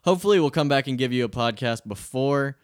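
A young man co-hosting a casual sports podcast, earnest and quick to laugh at his own slips. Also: medium pitch, animated. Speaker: podcast co-host. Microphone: studio podcast mic.

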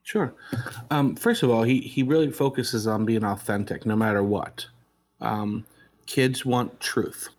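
Earnest middle-aged dad telling a story. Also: male voice, fairly low pitch, measured pace. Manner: earnest, restarts often, acts out quotes. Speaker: guest, father. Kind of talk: casual storytelling.

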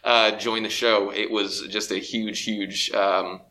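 A man's voice: lowish voice, flat delivery, takes it slowly, pushed and bright. A young man, a voice actor, talking eagerly in a panel interview, rambling with fillers, speaking through a face mask. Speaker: voice actor guest. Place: convention panel room. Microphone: handheld mic, speaking through a face mask.

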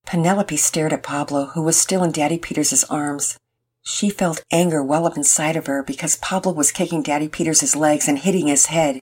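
A woman's voice: deep voice, steady tone, normal speed, darkish tone, slightly rough. A woman hosting and narrating a children's family story, reading it aloud. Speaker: storyteller and host.

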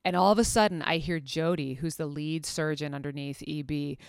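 A middle-aged woman, a veterinary anesthetist, telling a story in an animated, chatty way full of fillers and restarts. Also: deep voice, fairly quick, smooth, dry recording, studio quality. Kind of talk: casual storytelling.

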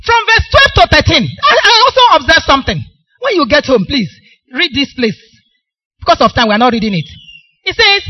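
A woman's voice: sits high, very animated, brisk, long pauses, pushed and bright, dry recording, rough recording. A middle-aged woman with a Nigerian accent preaching a sermon, emphatic and asking the congregation questions for them to answer.

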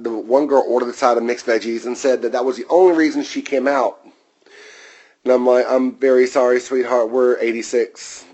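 A man's voice: mid-range voice, darkish tone, poor audio. A man working as a restaurant server, delivering a heated, profanity-laden vlog rant that drifts into side tangents. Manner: wanders off on tangents, then returns.

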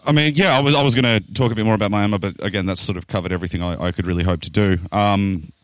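A man's voice: fairly low pitch, rapid-fire, no echo. A young Australian man co-hosting a casual podcast, explaining world events in a rambling, hesitant way with frequent laughs. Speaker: podcast co-host.

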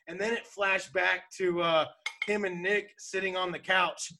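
A man co-hosting a casual talk show, retelling a sitcom in a rambling, animated way with bursts of laughter. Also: high-pitched, measured pace, a little hiss or hum. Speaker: podcast co-host. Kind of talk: casual chat.

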